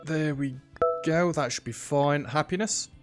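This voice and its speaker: A man's voice: on the high side, measured pace, faint music behind. A man chatting and joking through a shop management game, talking to the customers on screen. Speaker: gaming YouTuber. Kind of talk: let's play commentary.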